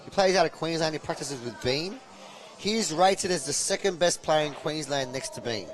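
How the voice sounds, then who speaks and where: A man's voice: on the high side, expressive, moderate pace. Chatty pool commentator man. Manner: chatty, rambling, jokey, with fillers. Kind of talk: live match commentary.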